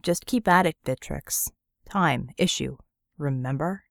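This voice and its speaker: Give me a woman doing a blunt, sarcastic young man, lower and terse, in a dry audiobook recording. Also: unhurried, vocal fry, no room sound. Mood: curt. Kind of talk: audiobook character voice.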